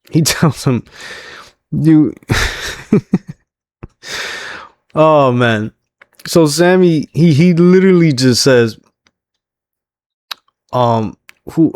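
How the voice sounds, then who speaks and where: Male wrestling recap host, mid-pitched, chatty and laugh-prone, dry close mic. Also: no room sound. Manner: chatty, laughing often, acting out quotes. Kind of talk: casual solo recap.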